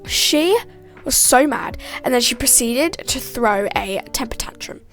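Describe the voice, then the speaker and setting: A woman's voice: fairly high pitch, lively intonation, measured pace, fairly bright tone, soft background music. A teenage girl telling a storytime vlog, chatty and full of "like", acting out bits of dialogue.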